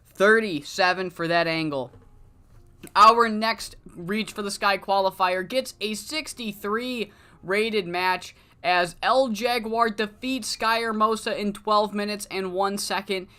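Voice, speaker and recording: Casual male game streamer, bright voice, rambling delivery. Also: sits high, slow pace, smooth. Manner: loose, rambling, profane, with many fillers. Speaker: streamer narrating a wrestling booking sim. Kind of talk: casual live-stream commentary.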